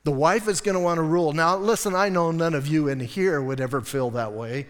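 A middle-aged male pastor preaching a sermon in a church, lively and joking, acting out quoted voices. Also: on the high side, fairly quick. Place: church sanctuary. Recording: long church reverb.

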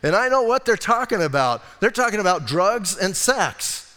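A male pastor preaching an animated, conversational sermon and acting out bits of dialogue. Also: sits high, normal speed, long reverb tail.

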